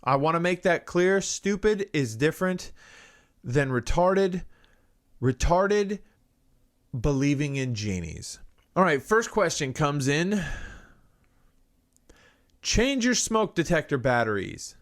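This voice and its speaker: A man's voice: a little high, takes it slowly, long pauses. A man hosting a comedy show, ranting sarcastically and crudely, then answering listener questions. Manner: sarcastic and crude, swinging between mock-cynical and excited. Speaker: podcast host. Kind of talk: comedic political rant and listener Q&A.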